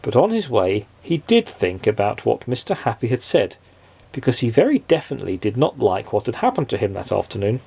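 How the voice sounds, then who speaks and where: Expressive dad reading a storybook aloud. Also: male voice, medium pitch, fairly quick, vocal fry, slightly rough. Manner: expressive, playful, asks the listener questions.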